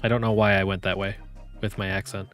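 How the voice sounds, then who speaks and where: A man's voice: sits low, little pitch movement, fast talker, fairly bright tone, soft background music. A man hosting a podcast, joking and laughing often as he reads game prompts aloud to his chat. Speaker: podcast host.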